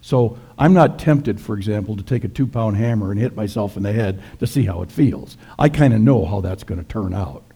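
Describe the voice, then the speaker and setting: A male pastor delivers a sermon full of folksy jokes. His voice is dark and mellow, with a gravelly, husky grain. He tells stories in a relaxed, wry way. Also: fairly low pitch, brisk, few pauses. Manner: folksy, joking.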